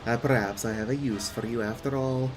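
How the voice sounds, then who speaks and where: A man's voice: mid-range voice, steady tone, brisk, over music, natural voice. A man reading the lines of a scornful male villain lord in a haughty, taunting way. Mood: gloating. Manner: haughty, taunting delivery with "mm" and "uh" fillers. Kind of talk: reading game text aloud.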